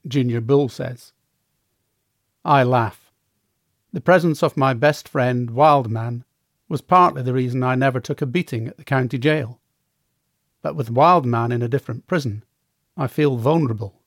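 A man narrating his own memoir in the first person, measured and plainspoken. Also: mid-range voice, no echo, clean studio sound.

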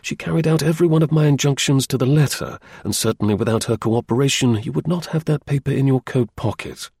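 A man voicing a brisk, dry-witted middle-aged detective in a crisp, measured and confident manner. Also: mid-range voice, a little mellow, no echo. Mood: recounting.

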